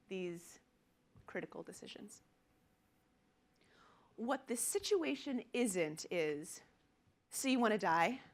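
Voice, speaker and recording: A woman's voice: mid-range voice, creaky. A middle-aged woman physician giving a conference presentation, earnest and emphatic, acting out quotes from her patients. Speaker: physician lecturer.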